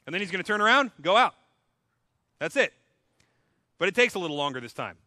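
A man's voice: high-pitched, animated, brisk, pauses often, pushed and bright, no echo. A man preaching a sermon as pastor, retelling scripture in a casual, humorous storytelling way. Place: church.

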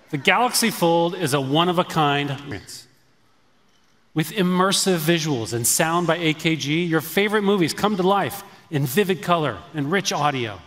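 A man giving a scripted product launch presentation on a large auditorium stage, in a polished, upbeat pitch. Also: a bit bright. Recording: echoey auditorium with long reverb.

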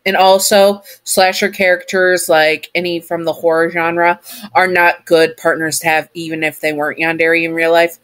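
A woman reads fan fiction aloud in the second person. Her voice sits low and she takes her time. She rambles and corrects herself often as she goes. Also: fairly bright tone. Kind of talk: second-person story narration.

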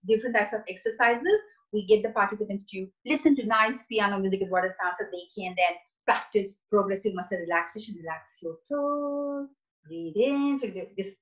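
A woman's voice: medium pitch, fairly bright tone, muffled recording. A woman laughter coach giving an informal wellness presentation, explaining things earnestly and acting out quoted examples.

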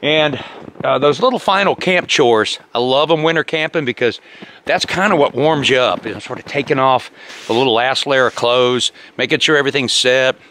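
A man's voice: medium pitch, moderate pace, fairly bright tone, a little hiss or hum. A man chatting cheerfully to the camera while camping in snowy woods. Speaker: outdoor vlogger. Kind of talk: casual narration to camera. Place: snowy woods campsite outdoors.

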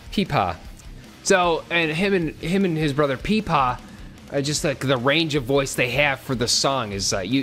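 A man's voice: mid-range voice, sharp tone. A man hosting a casual music reaction, joking around with profane, goofy asides. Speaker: music reaction channel host.

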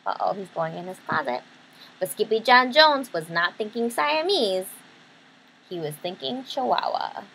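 A woman's voice: mid-range voice, big pitch swings, unhurried, gravelly, fairly bright tone, a little hiss or hum, low-quality recording. A woman reading a picture book aloud, chatty, stopping to explain the story in her own words. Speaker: reader.

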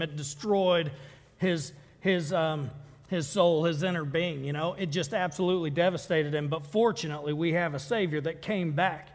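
A man preaching a sermon in a church, reading scripture in an earnest, conversational way. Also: high voice. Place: church sanctuary. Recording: long reverb of a church hall.

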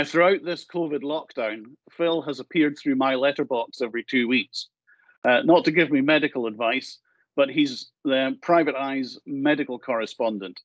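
A man's voice: mid-range voice, no echo. Hesitant man hosting, dull dry sound. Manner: hesitant, many fillers. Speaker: conference host. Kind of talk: introducing a speaker.

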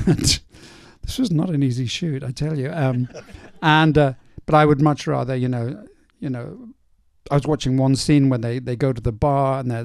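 An older male film director in a casual stage Q&A, telling anecdotes in a relaxed way with many fillers. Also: medium pitch, creaky, dry recording, studio quality. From North East England. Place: cinema auditorium.

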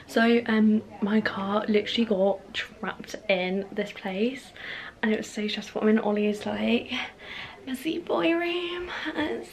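A young woman vlogging in a casual, excitable way, chatting to a handheld camera and full of "like" and "literally". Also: mid-range voice, a little slow. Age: young adult. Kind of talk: casual vlog chat to camera. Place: on the move, outdoors and in student rooms. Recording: noisy handheld vlog audio.

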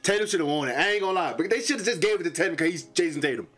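Excitable male reaction host with a slightly high voice. Casual and profane, with loud bursts and quiet asides. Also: very fast. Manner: excitable and profane, jumping from loud high outbursts to low muttering.

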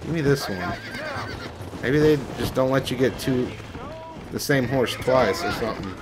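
A man's voice: medium pitch, moderate pace, very noisy. A man doing gameplay commentary, swearing and exclaiming at the game out of frustration. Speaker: gamer.

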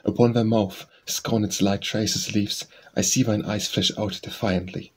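Husky-voiced man reading poetry slowly. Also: lowish voice, fairly even intonation. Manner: slow, measured recitation. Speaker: audiobook narrator.

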